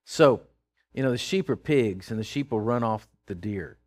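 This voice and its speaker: A man's voice: fairly low pitch, expressive, normal speed, a little mellow. A man telling a casual spoken anecdote, rambling with lots of "you know" and restarts, and acting out voices in the story.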